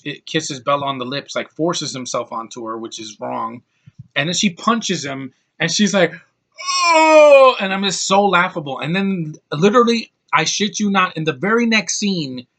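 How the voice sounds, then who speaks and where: A man's voice: on the high side, sharp tone. A man giving a casual, ranting film review, blunt and heated, often repeating and restarting his words. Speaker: movie reviewer.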